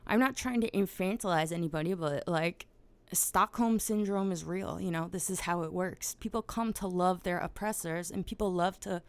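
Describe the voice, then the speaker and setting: A woman's voice: on the low side, moderate pace, dry recording. A woman hosting a podcast, giving a casual, blunt monologue full of swearing. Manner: blunt and profane, grows loud and heated. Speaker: podcast host.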